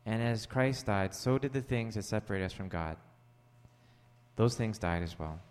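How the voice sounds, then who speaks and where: A pastor with a lowish, clear and resonant voice preaches at a normal pace, the sound filling a big room. He keeps the sermon conversational and story-driven, pairing scripture with jokes to the congregation and becoming animated, his tone rising, as he jokes.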